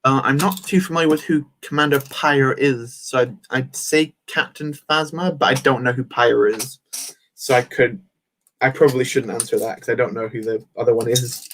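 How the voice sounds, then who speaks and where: A man's voice: medium pitch, fairly even intonation, moderate pace, fairly bright tone, slight background noise. Rambling young man live-streaming a build. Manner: rambling, reads chat aloud, many fillers. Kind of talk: casual live-stream chat.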